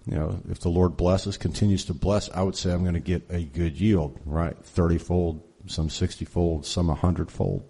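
A man sharing a relaxed, rambling story in an informal sermon at church. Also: sits low, normal speed, vocal fry, few pauses, slightly rough. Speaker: church worship leader.

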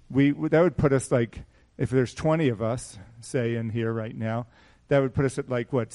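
A male pastor with a medium-pitched, slightly mellow voice delivers a sermon to a small gathering. He shifts between offhand asides, rhetorical questions, and scripture proclaimed in a lifted voice.

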